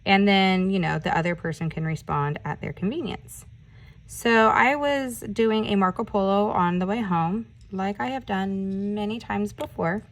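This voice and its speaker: A woman vlogger chatting casually while doing her nails, telling a story in an animated, ranting way and swearing often. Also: medium pitch. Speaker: nail art vlogger.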